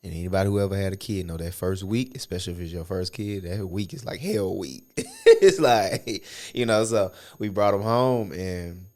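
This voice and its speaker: A young man co-hosting a podcast in casual chat, telling profane, animated stories from his own life. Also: deep voice, normal speed, hardly any pauses. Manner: animated, profane storytelling with acted quotes. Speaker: podcast co-host.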